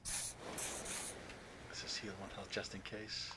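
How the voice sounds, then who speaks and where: A man's voice: fairly low pitch, monotone, takes it slowly, bright, forceful tone, slight background noise. A man casually reading game text aloud with amused asides. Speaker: gaming streamer.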